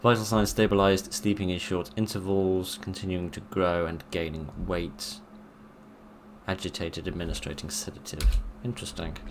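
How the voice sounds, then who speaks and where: Man, very low voice, dry sarcastic game commentary. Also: a little hiss or hum. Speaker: gaming video narrator. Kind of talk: let's play commentary.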